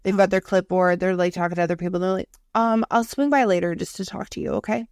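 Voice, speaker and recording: A woman's voice: medium pitch, fairly even intonation, quick pace, clear, resonant tone, no room sound. A young woman co-hosting a podcast, chatting casually with blunt, salty language and little voiced impressions of coworkers. Her voice sits in an ordinary middle range and is recorded close and dry, with no room sound. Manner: blunt and profane, acting out coworkers' lines. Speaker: podcast co-host. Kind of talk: casual chat.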